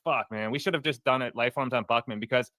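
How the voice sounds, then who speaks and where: A man's voice: mid-range voice, quick pace, pushed and bright, no echo. A man in casual chat, rambling and slangy, calling others bro.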